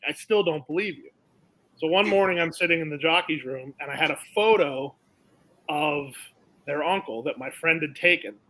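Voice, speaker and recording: A man's voice: a little high, normal speed, rough recording. A young man from South Florida, a racetrack announcer, telling stories in a casual interview and acting out the people in them. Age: young adult. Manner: animated storyteller, acts out the people in his stories.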